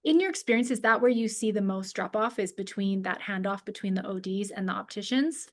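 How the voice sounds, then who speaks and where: A woman's voice: medium pitch, fairly quick. A woman co-hosting a webinar conversation, mostly answering with short, agreeable affirmations. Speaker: co-host.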